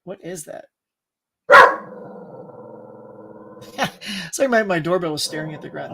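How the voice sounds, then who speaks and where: A man's voice: on the high side, big pitch swings, a little slow, gravelly, long pauses, bright, forceful tone, a little hiss or hum. A man hosting a casual pop culture chat, chatty and laughing often, with a dog barking in the background. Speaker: pop culture show host. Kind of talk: casual chat about movies.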